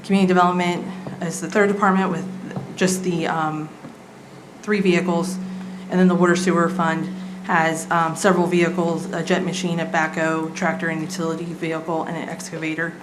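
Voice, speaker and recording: A city staff member presents a budget item at a council meeting, casual and full of filler ums. Her voice is lowish, brisk and fairly flat in pitch, recorded in an echoey council chamber with background noise.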